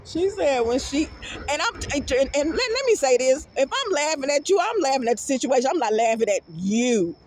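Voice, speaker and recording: Middle-aged woman vlogger, high and animated, rambling and profane, laughs a lot. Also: moderate pace. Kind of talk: casual storytelling to viewers.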